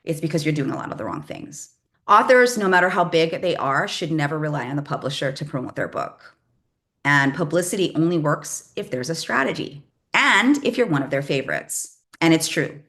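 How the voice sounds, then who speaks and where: A woman's voice: low-pitched, expressive, a little fast, fairly bright tone. A middle-aged woman from the Bay Area talking casually to an audience as a publishing coach, chatty and emphatic, with lots of "like". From Bay Area, California.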